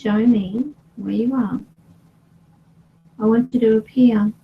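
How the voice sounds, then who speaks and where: A woman's voice: fairly high pitch, fairly even intonation, slow pace, gravelly, husky, lo-fi sound. A woman running a paranormal session for her vlog, firmly questioning and ordering unseen spirits. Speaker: paranormal investigator.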